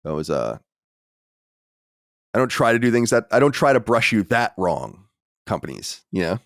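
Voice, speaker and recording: A man hosting a podcast in casual chat, animated and reading listener letters aloud. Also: lowish voice, moderate pace, vocal fry, no room sound, studio quality. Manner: animated storyteller, reads listener mail aloud. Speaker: podcast host.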